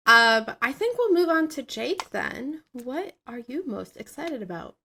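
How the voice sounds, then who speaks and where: A woman's voice: high-pitched, sing-song, measured pace, gravelly, pushed and bright, slight background noise. Upbeat woman hosting a podcast. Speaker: podcast host. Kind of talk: casual chat.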